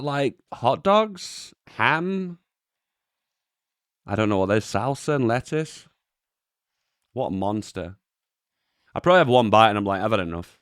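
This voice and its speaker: A young man, a YouTube host giving relaxed, chuckling commentary on memes and swearing offhandedly. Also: medium pitch, no room sound, clean studio sound. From England. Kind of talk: casual commentary.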